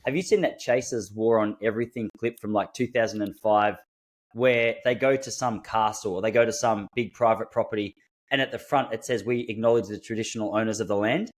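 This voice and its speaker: Animated male podcast host. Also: fairly low pitch, fairly quick. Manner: animated storytelling with quoted voices and laughs. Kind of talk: casual chat.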